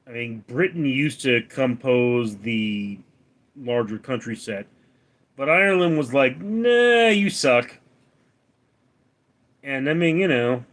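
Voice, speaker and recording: A young man from Los Angeles hosting a live stream, casually reading viewer comments aloud and answering them in a relaxed, rambling way. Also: mid-range voice, measured pace. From Los Angeles, California. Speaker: livestream host.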